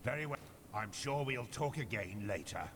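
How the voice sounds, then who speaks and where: Courteous game official, voiced by a man, measured delivery, reverberant with hiss behind. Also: mid-range voice, expressive, natural voice. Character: formal adult male temple official, composed. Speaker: game character. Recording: game audio with long reverb and noise.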